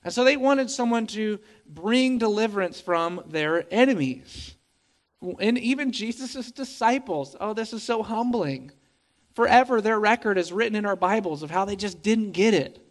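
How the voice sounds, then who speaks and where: A pastor preaching a sermon in a lively, conversational way, adding humorous asides and often repeating words as he goes. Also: high voice, moderate pace. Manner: emphatic, repeats words as he speaks.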